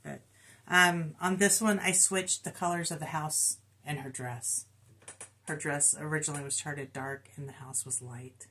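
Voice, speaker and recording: A middle-aged woman with a low voice, chatting casually about her stitching progress. She reports her stitch counts and pokes fun at herself in an easy, homey tone. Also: steady tone, measured pace, bright, forceful tone, a little hiss or hum. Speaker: co-host of a cross-stitch channel. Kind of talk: casual chat.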